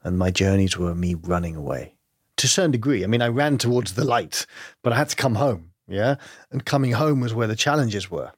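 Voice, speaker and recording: A man's voice: fairly low pitch, lively intonation, brisk, husky, dry recording, clean studio sound. A man speaking as an interview guest, reflective and earnest, thinking aloud with many "you know" and "like" fillers. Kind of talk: candid conversational interview.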